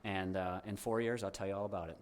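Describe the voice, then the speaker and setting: A man's voice: sits low, steady tone, quick pace, very noisy. A young man giving an informal, heartfelt testimony to a church congregation as a guest speaker, rambling with many restarts.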